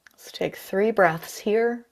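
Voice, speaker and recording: A woman leading a chair yoga class over a video call, calm and encouraging as she cues breaths and movements. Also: medium pitch, takes it slowly. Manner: calm, encouraging, greets participants by name. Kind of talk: guided yoga class instruction.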